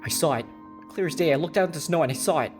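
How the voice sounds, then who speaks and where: A man's voice: a little high, rapid-fire, music in the background, close to an everyday voice. A man voicing an out-of-breath sailor in a video game, talking urgently and pleading to be believed. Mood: frantic. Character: breathless male sailor, frantic and insistent.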